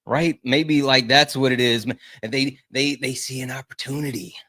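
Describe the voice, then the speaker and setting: A man's voice: medium pitch, steady tone, normal speed, sharp tone, dry recording, clean studio sound. A man chatting casually on a livestream, joking and hesitant, with lots of fillers and restarts.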